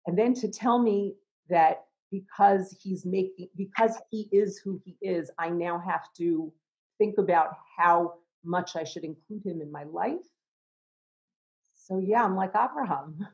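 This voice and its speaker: A middle-aged woman, an educator and chaplain, speaking reflectively in an interview, with many restarts and soft laughs. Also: on the low side, takes it slowly, muffled recording.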